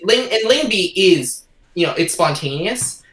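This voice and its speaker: Male podcast host, loose halting conversation, a bit high, roomy echo. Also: animated, fairly bright tone. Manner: hesitant, many fillers and restarts. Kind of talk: casual chat.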